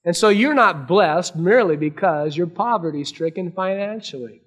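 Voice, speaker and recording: A man preaching a sermon to a congregation, earnest, swinging between raised emphasis and hushed, quiet lines. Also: high voice, animated, moderate pace. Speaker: pastor.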